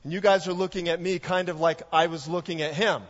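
A male pastor preaching a sermon, telling a story in a measured way. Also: sits high, fairly even intonation. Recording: echoey hall, dull lo-fi sound.

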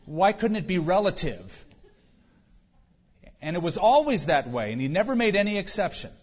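A pastor preaching a sermon in a conversational way, with rhetorical questions and dry humor. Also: male voice, high-pitched, big pitch swings, moderate pace, husky. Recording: dull, lo-fi sound in a reverberant hall.

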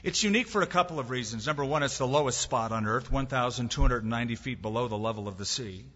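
Male preacher, emphatic sermon delivery, bright and slightly husky, recorded in a reverberant hall on dull lo-fi audio. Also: medium pitch, fast. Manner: emphatic, with rhetorical questions and biblical quotes.

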